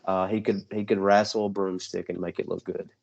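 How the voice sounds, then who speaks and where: Low-voiced, easygoing male podcast host. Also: flat delivery, fairly quick, creaky, a little mellow, dull audio. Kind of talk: casual chat.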